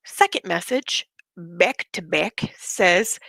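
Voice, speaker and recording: A woman's voice: medium pitch, expressive, moderate pace, vocal fry, long pauses, fairly bright tone, no room sound. A woman ranting bluntly and with a lot of swearing in a casual live stream, sick with covid and short of breath. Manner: blunt, profane, fired-up. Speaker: livestreamer.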